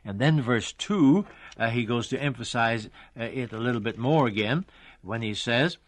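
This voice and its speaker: An earnest man teaching the Bible on the radio, working through scripture verse by verse and leaning on key phrases by slowing right down. His voice sits at an ordinary middle pitch, and the studio sound is dry, with no room echo. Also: expressive. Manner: earnest, explaining verse by verse with emphatic slowed readings.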